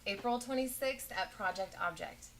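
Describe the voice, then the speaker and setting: A woman guest on a talk show interview, relaxed and a little hesitant, with filler sounds. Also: medium pitch, moderate pace, a little hiss or hum, rough recording. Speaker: guest, magazine publisher.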